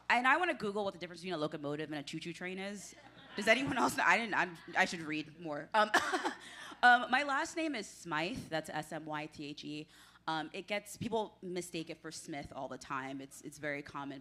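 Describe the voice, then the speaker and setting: Bright-voiced woman doing stand-up. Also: deep voice. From Washington, D.C. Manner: self-deprecating, chatty, laughs between jokes. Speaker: stand-up comedian. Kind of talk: stand-up comedy set. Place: small club stage with audience.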